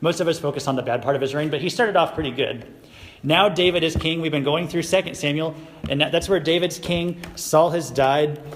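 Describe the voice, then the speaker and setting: A man giving a casual youth sermon, retelling a Bible story in everyday words and asking his listeners questions. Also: fairly high pitch. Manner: conversational, asks the audience questions. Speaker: youth pastor. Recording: echoey hall recording, faint noise.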